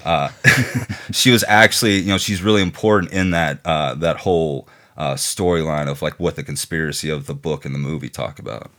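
Deep-voiced Southern man, rambling. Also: moderate pace, a bit bright. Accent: American Southern. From Southern United States. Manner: rambling, filler-heavy. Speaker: podcast co-host. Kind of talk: casual chat.

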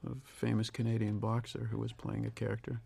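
A man in his sixties, a film director giving a reflective, measured audio commentary. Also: fairly low pitch, completely flat delivery, creaky, warm tone, slightly rough. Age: 60s. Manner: reflective, measured, with pauses and restarts.

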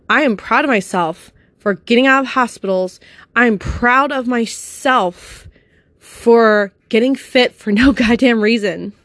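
A woman's voice: medium pitch, no room sound. A woman venting her hurt in a personal video, upset and swearing, fighting back tears. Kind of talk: emotional personal vent to camera.

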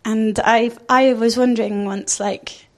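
A woman's voice: a little high, fairly even intonation, a little slow. A woman giving an informal sermon, chatty and thinking aloud with frequent fillers. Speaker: speaker giving a church talk.

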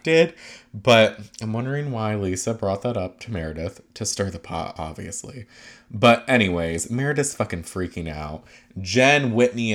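A man giving a casual, gossipy recap of a reality show, chatty and full of fillers, with sarcastic asides. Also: fairly low pitch.

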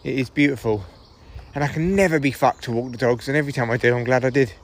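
A man's voice: mid-range voice, quick pace. A man, a comedian, rambling through a casual solo podcast while walking his dogs in the woods. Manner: chatty, rambling, swears freely.

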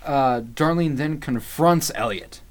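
A man's voice: medium pitch, takes it slowly, slight background noise. A man co-hosting a podcast, recapping a TV episode in casual chat, laughing often and swearing freely. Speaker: podcast co-host.

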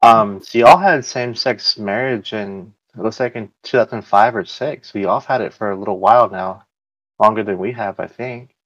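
A man's voice: fairly low pitch, moderate pace, a bit bright, dry recording, lo-fi sound. A man, hosting a casual chat in a rambling way with many fillers. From United States. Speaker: podcast host.

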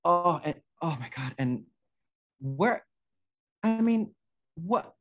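A man's voice: a little high, expressive, takes it slowly, a bit bright. A male podcast co-host chatting about horror films, effusive and gushing, often breaking off mid-sentence.

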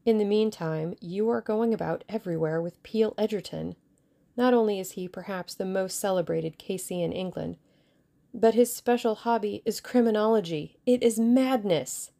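A woman doing a snarling man, gravelly. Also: medium pitch, moderate pace, mellow, natural voice. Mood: agitated. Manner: agitated, snarling, pleading. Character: excitable, bitter male Russian conspirator.

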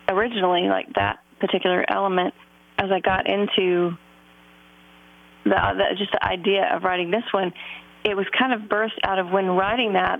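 A woman's voice: medium pitch, creaky. A woman guest telling her own story in an earnest, reflective way, speaking about faith with many fillers. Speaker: podcast guest, author and singer. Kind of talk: heartfelt personal storytelling in an interview. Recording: phone-like narrow line.

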